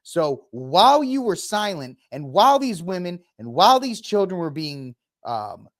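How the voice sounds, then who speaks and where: A man's voice: high voice, sing-song, unhurried. A man hosting his own political commentary show, ranting in a heated, indignant way and piling up accusations. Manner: fiery, indignant ranting with repeated blame.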